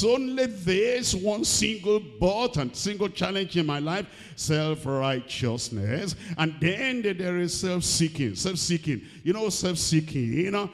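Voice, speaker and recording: A man's voice: fairly high pitch, sing-song, a little slow, hardly any pauses, in a large hall. A man preaching a sermon emphatically, repeating his key phrases for weight.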